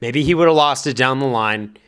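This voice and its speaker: Man, fight commentary vlog, smooth resonant voice, medium pitch, speculative, hedging, thinking aloud. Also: brisk, a bit bright. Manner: addresses fighter directly with advice. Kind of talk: casual spoken commentary.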